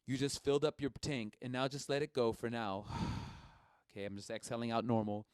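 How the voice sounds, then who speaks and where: A male music teacher talks viewers through a breathing exercise in a relaxed, encouraging way. His voice sits at an ordinary middle pitch, and the sound is dry with no room echo. He keeps the steps simple and easy to follow. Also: fairly quick, clear, resonant tone. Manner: casual, encouraging, explains step by step. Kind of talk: live-streamed instrument lesson.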